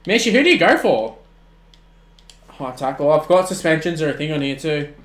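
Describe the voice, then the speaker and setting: A young man calls his own video game to a live audience. His voice sits a little high and is bright, with pitch swinging widely as he bursts into shouts. The sound is roomy, with a clear echo. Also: sing-song, moderate pace. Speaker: gaming streamer.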